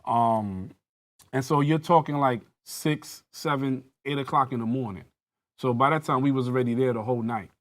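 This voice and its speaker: A man's voice: medium pitch, normal speed. A man telling a personal story in a panel discussion, acting out the dialogue with rising intensity. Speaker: guest recounting a police interrogation.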